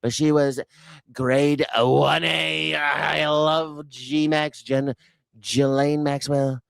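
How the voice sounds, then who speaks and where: A man doing a mocking impression of a boastful, crude older male politician, with a slow, self-satisfied drawl. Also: a little high, flat delivery, vocal fry, fairly bright tone, clear, resonant tone, dry recording, pitched above the performer's own voice, full character voice. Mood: smug.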